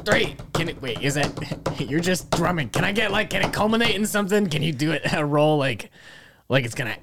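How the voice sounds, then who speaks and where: A man's voice: on the high side, animated, brisk, noisy background. A man playing a reckless old daredevil. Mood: eager. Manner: stubborn, brushing off concern. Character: reckless older male daredevil, stubbornly cheerful. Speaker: podcast host.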